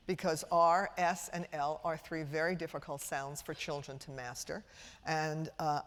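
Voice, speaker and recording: A middle-aged woman from Brooklyn lecturing parents as a speech-language pathologist, theatrical and playful, asking the audience questions. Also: low-pitched. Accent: trained-out Brooklyn New York. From Brooklyn, New York. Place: large auditorium before a live audience. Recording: lecture hall with long reverb.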